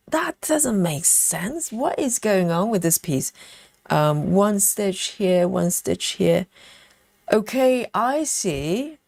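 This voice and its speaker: A woman's voice: fairly low pitch, vocal fry, darkish tone, no echo, studio quality. A woman hosting a cross-stitch livestream, chatting casually, reading viewer comments and counting stitches, with lots of fillers. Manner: many fillers and self-interruptions. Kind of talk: casual chat while stitching live.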